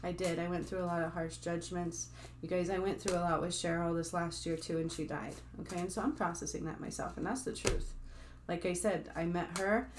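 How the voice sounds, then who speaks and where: Chatty woman with a low voice. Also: fairly even intonation, fairly quick, noisy background. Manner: chatty, rambling, with frequent fillers and asides to viewers. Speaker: spiritual healer addressing viewers. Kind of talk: casual talk to camera.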